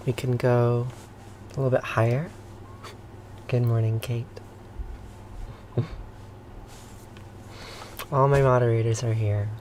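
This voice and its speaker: A livestream host leading a morning breathing and toning practice, with soft, slow cues that sometimes drop to a breathy whisper, greeting viewers by name. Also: medium pitch, slight background noise. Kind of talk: guided breathing and toning instruction.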